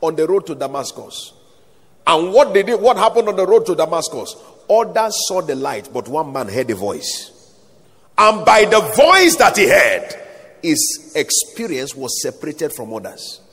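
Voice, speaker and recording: A man preaches in a husky voice that swings widely and sits high. His long reverb fills a hall, and he keeps the delivery emphatic with call-and-response. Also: big pitch swings, a little slow, fairly bright tone. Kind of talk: sermon. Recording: echoey hall, voice at times off-mic.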